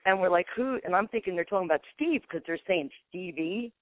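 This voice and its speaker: A woman's voice: fairly low pitch, expressive, a little fast, no room sound. A woman who is a paranormal investigator, telling a long story in a phone interview and acting out the dialogue. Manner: rambling, acts out dialogue with "I'm like". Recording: tinny dry phone line.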